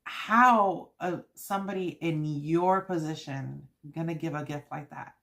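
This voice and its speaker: Slow-talking woman with a low voice. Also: vocal fry, fairly bright tone. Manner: ranting then chatty, rambling with fillers. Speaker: channel host. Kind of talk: casual live-stream chat.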